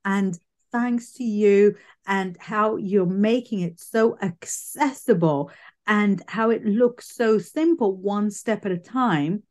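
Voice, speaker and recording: A woman speaking as a psychic medium guest in a casual interview, chatty and animated, often restarting her sentences. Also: medium pitch. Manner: chatty, animated, self-correcting.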